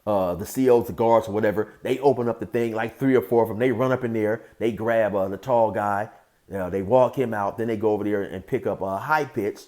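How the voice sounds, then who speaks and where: A man's voice: fairly low pitch, brisk, darkish tone. A man telling a story casually as a YouTube storyteller, in a laid-back, streetwise way with lots of "you know".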